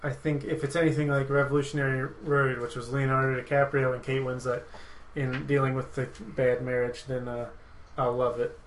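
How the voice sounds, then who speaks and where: A man hosting a movie podcast in an easygoing, rambling way. He offers opinions freely and laughs often. His voice sits at a middle pitch. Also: flat delivery, fairly quick, hardly any pauses, a little hiss or hum, rough recording. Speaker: podcast host. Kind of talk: casual movie podcast chat.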